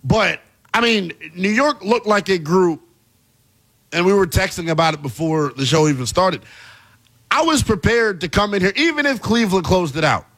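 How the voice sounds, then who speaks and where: A man hosting a basketball talk show, delivering an animated, exasperated commentary rant with plenty of emphasis. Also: high-pitched, moderate pace. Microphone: earpiece in studio.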